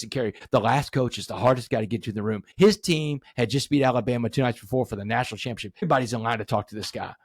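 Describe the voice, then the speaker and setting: A man in his forties, a podcast guest, telling his story emphatically and rising to animated peaks. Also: mid-range voice, rapid-fire, hardly any pauses, husky, no echo, clean studio sound. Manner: addresses host directly, asks rhetorical questions. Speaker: podcast guest, motivational speaker.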